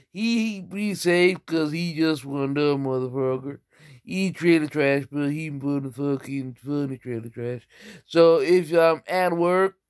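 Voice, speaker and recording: A man's voice: mid-range voice, clean tone, no echo, clean studio sound. A tipsy man rambling and swearing through a casual comedy vlog. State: tipsy from drinking.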